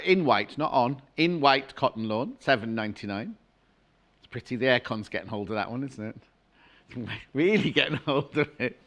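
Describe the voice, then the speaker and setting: Lively, chatty shopping-channel man. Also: mid-range voice. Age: middle-aged. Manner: chatty, gushing, jokey asides. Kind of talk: live home-shopping fabric chat.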